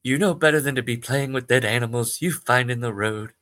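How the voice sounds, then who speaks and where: Stern British mother, scolding, man puts her on; bright, forceful edge. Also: medium pitch, brisk, no room sound, studio quality, lightly acted. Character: stern disapproving mother, woman.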